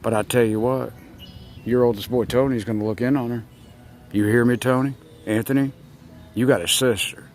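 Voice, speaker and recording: Speaking directly to his listeners, a man delivers a rambling, impassioned monologue that swings between loud outbursts and near murmurs. His voice is medium-pitched and steady, at a normal speed.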